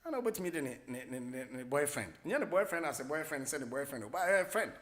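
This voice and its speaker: A middle-aged man with a Ghanaian accent hosting a radio talk show, rambling casually, mixing English with Twi and filling pauses with many hesitations. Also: fairly high pitch, very animated, fairly bright tone. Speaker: radio host.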